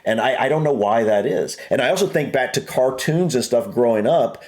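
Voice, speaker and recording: An american man rambles through a casual reaction chat with his co-host, thinking aloud and circling back on his words. his pitch sits in the middle for a man. he sounds relaxed and unscripted. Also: brisk. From United States. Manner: rambling, restarts and fillers, musing aloud.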